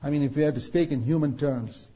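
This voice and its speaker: A man delivering a sermon in a slightly raised voice, his delivery swelling to loud, stretched-out emphasis at key points. The recording sounds dull and lo-fi. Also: fairly high pitch. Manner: rises to loud, drawn-out emphasis on quoted rebukes. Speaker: preacher.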